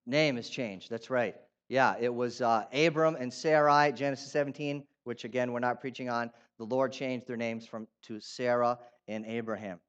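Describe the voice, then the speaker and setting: A man preaching a sermon in a conversational way, asking his listeners questions and turning animated when he reads out quotes. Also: medium pitch, moderate pace, few pauses, lo-fi sound. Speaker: pastor.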